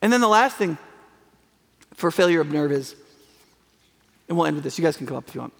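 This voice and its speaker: A male pastor gives a sermon in a church hall, chatting as much as preaching. His voice sits high and has a gravelly edge. Long reverb from the large room trails behind every word. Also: lively intonation, brisk. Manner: conversational, acts out quoted voices, rhetorical questions.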